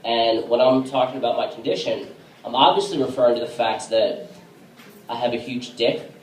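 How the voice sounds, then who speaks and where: Halting stand-up comic in an echoey bar. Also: male voice, mid-range voice, slight background noise. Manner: casual, halting delivery with many fillers. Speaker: stand-up comedian. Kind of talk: stand-up comedy set. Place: comedy bar stage. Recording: echoey room from a distance.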